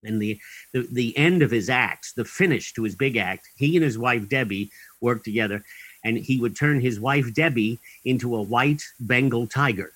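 An actor guest being interviewed speaks at normal speed in a medium-pitched, fairly bright voice, spinning long, wry, chatty anecdotes with lots of fillers and restarts. His comic timing is dry, and he laughs softly at his own punchlines. The low-quality recording sounds dry.

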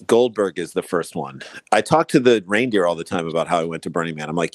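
A man's voice: low-pitched, dry recording. A man co-hosting a comedy podcast, telling funny stories in casual banter. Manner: joking, quick storytelling with asides. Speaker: podcast co-host.

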